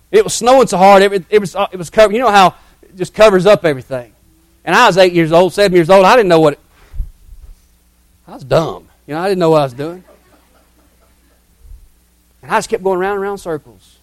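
A middle-aged man, telling a childhood story in a sermon in a folksy, dramatic way that drops to hushed tones. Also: a little high, brisk, pauses often, no echo. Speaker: preacher telling a testimony.

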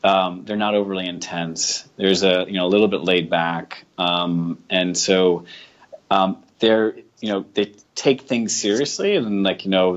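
A low-voiced American man speaks as a guest in a casual interview. He talks in a relaxed way, pausing often as he thinks. The recording sounds a little muffled and lo-fi. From United States, Rhode Island. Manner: relaxed, thinks aloud with many pauses. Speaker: guest, general manager.

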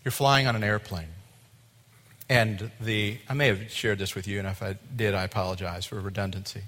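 A male pastor preaching a sermon, animated, acting out voices and dropping to a quiet tone at times. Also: lowish voice, moderate pace. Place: church sanctuary. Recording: long hall reverb.

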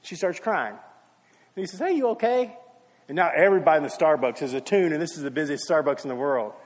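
A man's voice: on the high side, quick pace. A male pastor preaching a sermon, telling a story and acting out the quotes. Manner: storytelling with acted quotes and brief singing. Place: church sanctuary. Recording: long hall reverb from a church.

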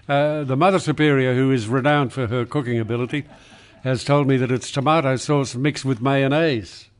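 Older talkback host, firm, reassuring, a little gruff. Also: male voice, medium pitch, fairly even intonation, moderate pace. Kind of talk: talkback radio chat.

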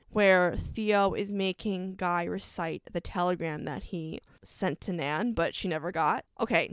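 A young woman hosting a podcast and gushing as she chats casually, her pitch swinging widely and her tone smooth and clear. She talks close to the mic in a dry space with no room echo. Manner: gushing, animated, full of fillers like "oh my gosh". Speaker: podcast host. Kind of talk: casual chat recapping a TV show.

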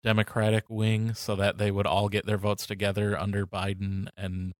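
Low-voiced wry podcast man. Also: completely flat delivery, normal speed, no echo. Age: older than co-host. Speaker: podcast co-host. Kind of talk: casual political chat.

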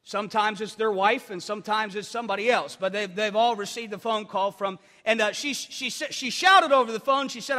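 A man's voice: high-pitched, fairly quick, hardly any pauses, big-room sound. A man preaching a sermon as pastor, telling stories with lots of restarts and repeated words. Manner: animated storytelling with many restarts.

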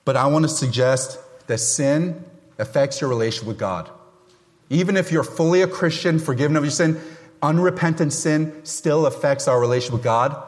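Pastor, man, middle-aged, booming sermon delivery with wry asides; reverberant sanctuary. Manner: loud, emphatic, self-deprecating humor.

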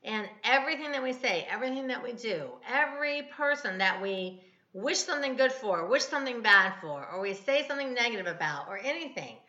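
A woman's voice: a little high, animated, a little fast, pushed and bright, reverberant, highs cut off. A woman in her fifties, a podcast host rambling and correcting herself in a casual devotional talk. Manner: chatty, rambling, self-correcting.

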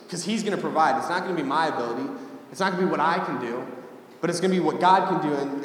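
A young male preacher talks quickly and casually, telling a personal story and circling back over his own phrases. His voice sits slightly high for a man. The sound carries a long, roomy echo from a large hall. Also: a little hiss or hum. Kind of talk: sermon. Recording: echoey hall with long reverb.

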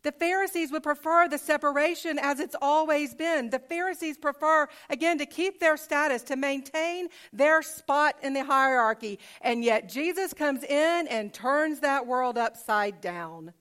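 A woman's voice: sits high, a little slow, hardly any pauses, a bit bright. A woman pastor preaching a sermon conversationally, asking rhetorical questions and repeating phrases for emphasis.

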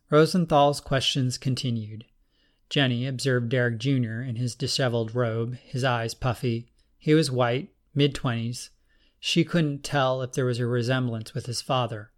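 Male narrator for a crime novel, steady and even. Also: mid-range voice, moderate pace. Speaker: audiobook narrator. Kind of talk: scripted narration.

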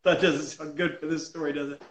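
A man telling a story about his juggling days in a lively, self-deprecating way. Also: a little high, a little fast, reverberant, low-quality recording. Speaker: juggler and comedy performer. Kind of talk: casual storytelling chat.

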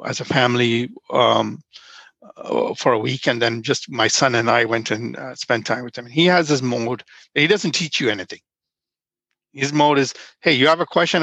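A Nigerian man in his fifties, appearing as a podcast guest, tells rambling stories in casual conversation, frequently restarting. His voice is mid-range and a bit bright with vocal fry, recorded with no echo.

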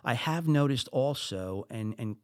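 A man's voice: unhurried, no room sound. Man, New Jersey accent, middle-aged, business advice podcast, emphatic, dry studio sound. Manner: animated, acts out exasperated quotes, rising into high emphatic bursts. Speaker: podcast host.

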